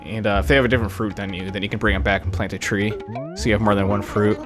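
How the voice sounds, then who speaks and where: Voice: sits low, level tone, very fast, music in the background. A host giving casual, jokey commentary while playing a video game. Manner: chatty, jokey, with many fillers. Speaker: let's play host.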